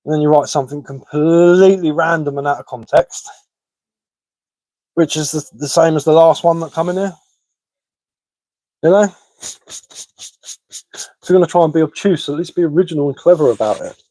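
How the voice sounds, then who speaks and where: Cheery Sussex-accented man, slightly high voice, close and dry, loose chatty slang talk. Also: normal speed, pauses often, mellow, no echo, poor audio. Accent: Sussex English. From England. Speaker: live streamer of bushcraft and woodwork. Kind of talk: casual live chat answering comments.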